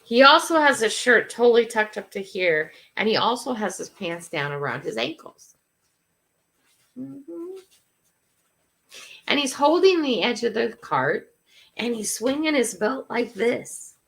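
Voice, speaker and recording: An older woman hosting a morning livestream, telling a funny story in a chatty, animated way. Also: on the high side, normal speed, vocal fry. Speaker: livestream host.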